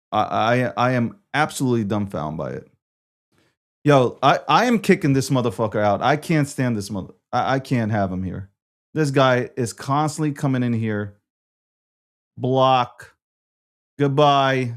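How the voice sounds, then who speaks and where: A man hosting a live stream, frustrated and swearing, repeating himself as he struggles with his setup. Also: mid-range voice. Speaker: livestream host.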